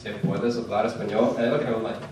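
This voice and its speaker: A man's voice: lowish voice, fairly even intonation, rapid-fire, heavy background noise. A young man performing a stand-up comedy set, telling stories and acting out the dialogue, with the audience laughing along. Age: young adult. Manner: storytelling with acted-out dialogue, rising to shouts. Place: comedy club stage with live audience. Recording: distant mic in an echoey room.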